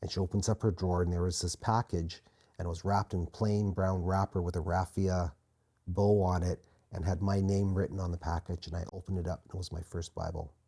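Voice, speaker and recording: A man as an interview guest, quietly and earnestly telling his personal faith testimony. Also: low-pitched, flat delivery, fairly quick, husky. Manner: quiet, earnest, reflective storytelling.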